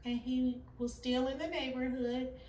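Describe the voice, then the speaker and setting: A woman's voice: sits high, steady tone, a little slow, darkish tone, far from the mic, dull audio, slight background noise. A woman telling a personal story in a casual, earnest and confessional way, acting out the dialogue as she goes. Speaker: vlogger sharing a personal story. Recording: roomy, off-mic recording with faint ambience.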